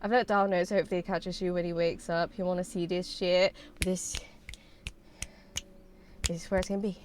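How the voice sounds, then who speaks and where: A young woman, streaming and chatting with her viewers in an excitable, bubbly way and swearing freely. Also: on the low side, fairly quick, a little hiss or hum. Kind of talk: casual livestream chat with viewers.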